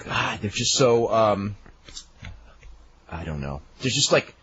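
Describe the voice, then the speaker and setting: A man's voice: on the low side, lively intonation, takes it slowly, a bit bright, husky. A man hosting a talk radio show, chatting casually and telling rambling stories with chuckles. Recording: dull lo-fi archive radio with faint hiss.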